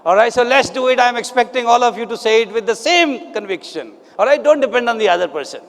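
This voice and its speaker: A man leads a live motivational seminar in a very high voice. He keeps the audience engaged with questions and calls for responses, pushing the energy up. His voice rings with long reverb through a large hall. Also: lively intonation, quick pace, hardly any pauses, fairly bright tone, some chatter behind, a little hiss or hum. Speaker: motivational speaker.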